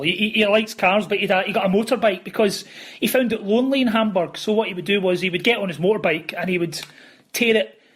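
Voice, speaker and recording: A man speaks as a podcast guest, quick and fairly high-pitched, piling up restarts and asides as he tells stories. His voice carries a husky edge. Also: a bit bright. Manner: rambling, with many restarts and "you know". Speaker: author guest. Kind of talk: casual podcast interview, storytelling.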